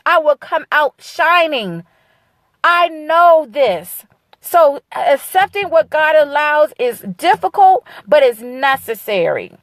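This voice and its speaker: A woman's voice: high-pitched, no room sound. A woman preaching an emotional, fervent sermon in an emphatic, repetitive cadence. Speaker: speaker of a ministry. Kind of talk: impassioned sermon-style encouragement.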